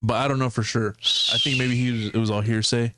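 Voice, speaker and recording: A man's voice: mid-range voice, flat delivery, fast talker, very noisy. A man from California co-hosting a podcast, telling stories animatedly and slipping into silly voices when quoting people. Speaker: podcast co-host. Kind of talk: casual podcast banter.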